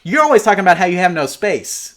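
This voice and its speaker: A man's voice: high-pitched, fast. A man co-hosting a live online show over a video call, chatting casually and animatedly and often tagging his points with "okay?". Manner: animated and persuasive, frequent "okay?" and "there you go". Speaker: co-host of a live arcade repair show. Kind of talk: casual live-stream chat, reading viewer comments. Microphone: remote video call.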